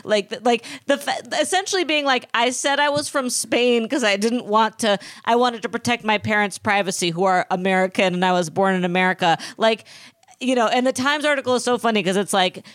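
A woman's voice: on the high side, brisk, no echo. A woman in her thirties co-hosting a podcast, chatting casually and telling stories, acting out the voices she quotes. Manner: animated storyteller, acts out quoted voices. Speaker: podcast co-host. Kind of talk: casual gossip chat.

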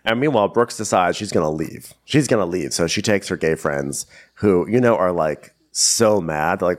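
A man's voice: low voice, lively intonation, normal speed. A man co-hosting a casual reality TV recap podcast, wry and laughing often as he quotes the cast. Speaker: podcast co-host.

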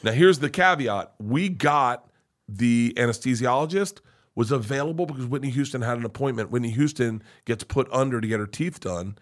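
A middle-aged man telling a long story as a podcast guest, cursing freely and swinging from hushed to loud. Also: medium pitch, normal speed. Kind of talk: casual storytelling.

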